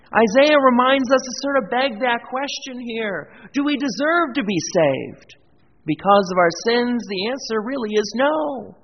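A male pastor preaching a sermon, lifting his voice on scripture quotes and dropping low for quiet asides. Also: animated, unhurried. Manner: earnest preaching, swells in volume on scripture quotes; drops to a quiet, low aside for self-deprecating remarks. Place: church. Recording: dull, lo-fi sound in a reverberant church hall with faint noise.

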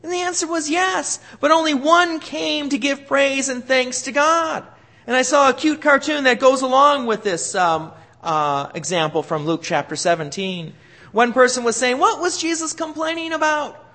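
A man's voice: extremely high pitch, moderate pace, bright, forceful tone. A man preaching a sermon as pastor, leaning hard on key words and swinging his emphasis for effect.

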